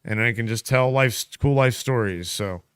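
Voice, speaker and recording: A man's voice: medium pitch, moderate pace, fairly bright tone, clean tone, no room sound, studio quality. A man in his thirties hosting a casual podcast, reading chat messages aloud and telling rambling stories. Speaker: podcast host. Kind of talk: casual live-stream chat.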